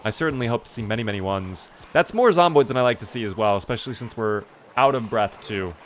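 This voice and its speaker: A young man chats his way through a live game stream, trading jokes with his chat and swearing when things go wrong. His voice sits at an ordinary pitch for a man. Steady noise and clicking run under the stream audio. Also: quick pace. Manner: casual, joking, swears, answers chat aloud. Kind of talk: live gameplay commentary.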